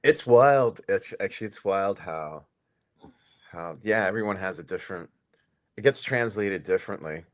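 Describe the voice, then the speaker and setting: 40s guy on a podcast, low voice that bounces all over, chill and jokey, swears a bit. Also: lively intonation, normal speed. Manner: laid-back, laughing, casual swearing. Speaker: podcast co-host. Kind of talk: casual chat.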